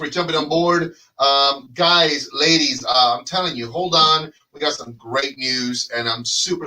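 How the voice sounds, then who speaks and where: A male host chatting on a live show, animated and joking with rambling sales patter. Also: on the high side, recorded from a distance, low-quality recording. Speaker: host and cigar brand representative. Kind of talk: live casual chat show.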